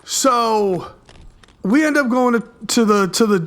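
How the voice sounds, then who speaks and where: A young man telling a story in a slangy, profane, animated storytime vlog over gameplay. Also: very high-pitched, slow pace, slight background noise.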